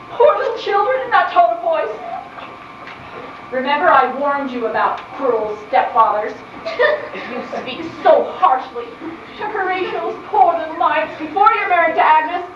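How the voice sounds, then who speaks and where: A woman on stage playing a fussy, indignant spinster aunt with a prim, scolding manner. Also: very high-pitched. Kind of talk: amateur stage play. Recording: distant, echoey, muffled stage recording with hiss.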